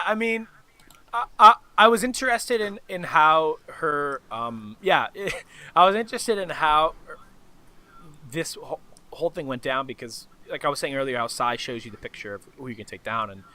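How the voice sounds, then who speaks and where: Bright-voiced man chatting on a podcast. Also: a little high, lively intonation, measured pace, pauses often. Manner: rambling, many restarts and fillers, laughs easily. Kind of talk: casual chat about a video game.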